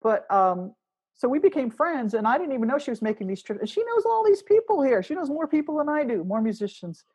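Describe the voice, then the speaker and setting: A woman's voice: sits high, sing-song, brisk, darkish tone, slightly rough. A woman musician talking casually in an interview, rambling with restarts as she thinks aloud. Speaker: musician guest.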